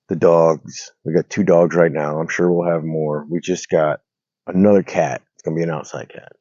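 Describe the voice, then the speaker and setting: A man's voice: deep voice, mellow, dry recording, dull audio. A man with a cold, talking casually and rambling to a phone camera outdoors at night, full of fillers and restarts. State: has a cold, slightly hoarse. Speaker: vlogger reading the Bible. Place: outdoors at night on rural land. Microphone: phone propped on a log.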